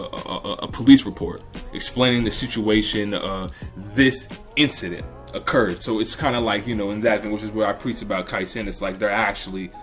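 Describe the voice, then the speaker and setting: A man's voice: lowish voice, a bit bright. A man hosting a casual talk about an anime, rambling in a slangy way with lots of restarts and swearing. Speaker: anime commentary host.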